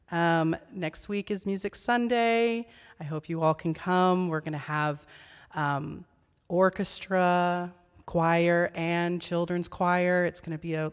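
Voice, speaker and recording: Brief: woman, low-ish voice, very slow church announcements, echoing sanctuary. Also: clear, resonant tone. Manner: friendly, unhurried, with fillers. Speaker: service leader. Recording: long reverb in a church sanctuary.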